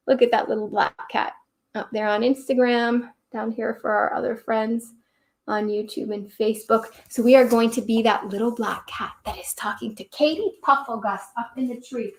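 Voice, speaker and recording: A cheerful woman reads a rhyming children's story and guides young listeners through yoga poses. She sounds encouraging and sing-song, with a high voice. Her words echo around the room. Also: fairly even intonation, moderate pace, distant mic. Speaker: kids' yoga teacher and storyteller.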